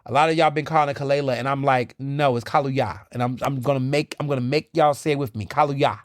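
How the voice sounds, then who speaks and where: A man hosting his own podcast, chatting casually and animatedly, telling stories with lively, high-pitched quoted asides. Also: racing, dry recording, studio quality. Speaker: podcast host. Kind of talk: casual solo chat.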